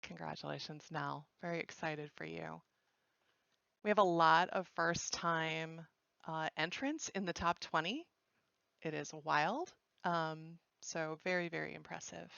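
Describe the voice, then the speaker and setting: Woman host with a gravelly voice. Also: sits low, measured pace, fairly bright tone, no room sound, highs cut off. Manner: chatty, joking, self-correcting. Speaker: livestream host announcing results. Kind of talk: casual live-stream announcing.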